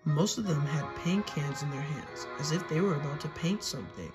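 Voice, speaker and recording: A narrator reading a fan-made storybook tale in a measured, steady way. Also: medium pitch, faint music behind, low-quality recording.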